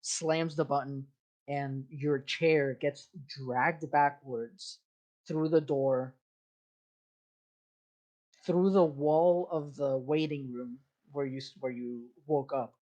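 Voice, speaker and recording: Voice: mid-range voice, a little mellow. A game master narrating a tabletop scene in descriptive, improvised fashion, with frequent fillers and restarts.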